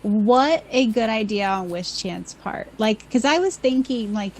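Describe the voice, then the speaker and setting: A woman's voice: on the high side, animated, a little slow, a little hiss or hum, rough recording. A woman co-hosting a podcast, talking enthusiastically in a casual chat full of fillers. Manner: enthusiastic, filler-heavy, restarts often. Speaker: podcast co-host and audiobook reader.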